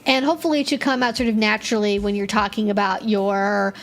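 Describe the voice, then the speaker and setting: A woman's voice: medium pitch, fairly even intonation, quick pace. A woman hosting a live-stream Q&A as a kink educator, chatty and rambling, with many fillers and short laughs.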